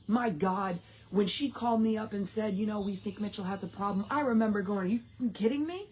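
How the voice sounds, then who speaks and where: A woman's voice: mid-range voice, steady tone, fairly quick, darkish tone, breathy edge. A woman speaking earnestly to families of people in addiction, recalling her own experience and addressing listeners directly. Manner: earnest, emphatic, talks straight to listeners. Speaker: family recovery coach. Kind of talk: heartfelt recovery talk to families.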